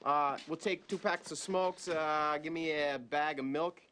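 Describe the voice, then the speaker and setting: An actor playing a condescending adult customer who talks in a mocking way. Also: male voice, fairly high pitch, fairly even intonation, unhurried, fairly bright tone, a little hiss or hum.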